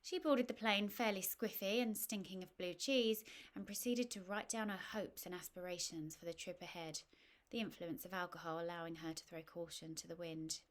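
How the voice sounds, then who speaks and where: A woman reading a short story aloud, with a wry, gently humorous delivery. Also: fairly low pitch, fairly even intonation, moderate pace, few pauses. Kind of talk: scripted narration.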